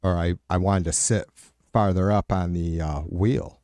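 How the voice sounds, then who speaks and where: A man's voice: low voice, fairly even intonation, moderate pace, darkish tone, dry recording. Profane, rambling middle-aged man. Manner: profane, rambling, answers chat aloud. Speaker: livestream host. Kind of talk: casual chat with viewers.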